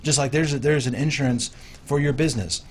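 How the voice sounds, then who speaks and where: A man's voice: mid-range voice, brisk, slight background noise. A man, an insurance consultant, guesting on a radio show in a studio, explaining with many hesitations. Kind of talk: casual radio interview.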